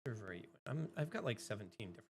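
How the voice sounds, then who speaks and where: Chatty, excitable woman streamer. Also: extremely low pitch, fast, slight background noise. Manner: chatty and excitable, loud exclamations. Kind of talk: casual live-stream chat.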